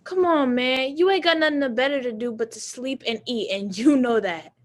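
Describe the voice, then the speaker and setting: Girl doing a cocky teen boy, pitched up high, loud trash talk. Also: normal speed, natural voice. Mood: teasing. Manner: teasing slang banter. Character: joking teenage boy Lamar, friend of Jamal.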